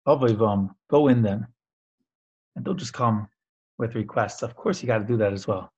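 A man teaching an informal spoken Torah lesson in a conversational, emphatic way, with his voice jumping high on key points. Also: moderate pace, a little mellow, husky. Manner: conversational with frequent fillers and restarts. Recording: dull lo-fi recording.

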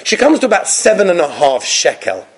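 A man's voice: high-pitched, a little fast, vocal fry, breathy edge. A man giving a religious talk, telling stories and acting out the characters. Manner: animated storytelling, acts out characters. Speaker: religious lecturer.

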